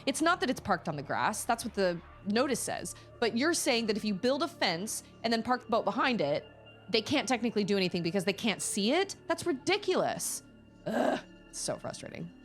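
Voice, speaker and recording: Woman streaming a game and chatting, super animated, faint game music under it. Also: fairly high pitch, a little fast. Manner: animated and expressive, reads chat aloud. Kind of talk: casual gameplay chat.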